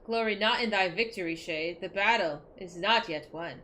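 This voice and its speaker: A woman reading aloud as a grave, wounded ancient dragon, slow and solemn. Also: mid-range voice, sharp tone, slight background noise, natural voice.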